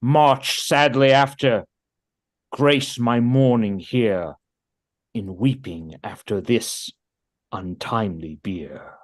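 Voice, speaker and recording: A man's voice: medium pitch, slow pace. A man reading the part of a guilt-stricken new king in a Shakespeare read-through over a video call. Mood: grave. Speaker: volunteer reader.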